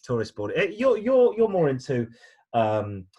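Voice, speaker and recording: A man's voice: medium pitch, huge pitch swings, a little slow, mellow, breathy edge, muffled recording. A man co-hosting a casual podcast, reading out listener mail and tossing in wry, joking asides. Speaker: podcast co-host.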